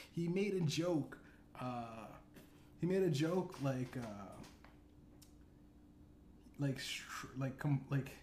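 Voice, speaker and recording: In an echoey space with faint ambience and slight background noise, a comedy podcast host rambles through an absurd story, cursing freely and leaning on "you know what I'm saying." He speaks at a medium pitch with a darkish tone.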